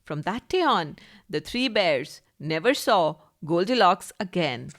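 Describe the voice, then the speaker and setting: A woman with an Indian English accent, a teacher reading a children's story aloud in an expressive, sing-song style. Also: on the low side, unhurried.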